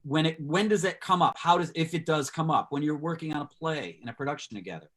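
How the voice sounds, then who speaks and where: Halting male talk-show host. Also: a little high, a bit bright. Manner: halting, filler-heavy questions. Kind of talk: online talk show interview.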